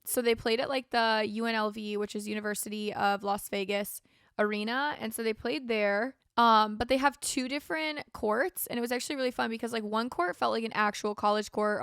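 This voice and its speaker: A woman's voice: medium pitch, fairly bright tone, clear, resonant tone, dry recording, studio quality. A young woman hosting a casual solo podcast, tired and yawning with a sore throat, rambling with lots of fillers. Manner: rambling, frequent "like" and "um". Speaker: podcast host.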